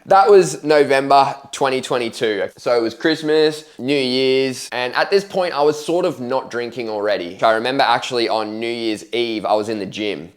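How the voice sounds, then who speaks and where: A young vlogger tells his life story to camera in a casual, candid way, his voice sitting a little low at a moderate pace. He's slangy, swears freely, and acts out what he said and thought at the time.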